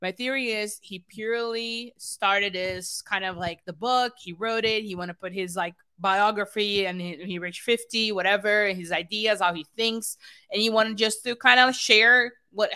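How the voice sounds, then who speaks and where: A woman cohosting a podcast in casual chat, animated and rambling, sometimes mimicking others. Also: medium pitch, clear, resonant tone, no room sound, studio quality.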